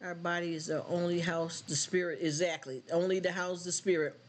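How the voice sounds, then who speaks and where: A man's voice: high voice, fairly even intonation, brisk. Earnest man preaching to his stream. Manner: preachy, earnest, addresses viewers directly. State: emotional, choked up. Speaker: live stream host. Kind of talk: casual faith talk with live chat.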